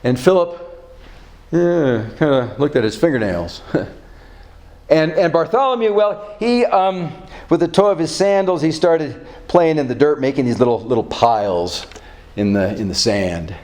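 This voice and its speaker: A man delivers a sermon in a storyteller's way, acting out the people in his tale and laughing along the way. His voice sits a bit high and swings widely in pitch. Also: measured pace. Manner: storytelling with animated voices and chuckles. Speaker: pastor.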